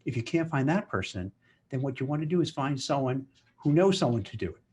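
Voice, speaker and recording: Man giving animated career advice. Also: medium pitch, fairly quick, slight background noise. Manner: animated, acts out office chatter in put-on voices. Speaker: career commentator. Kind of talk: casual advice monologue.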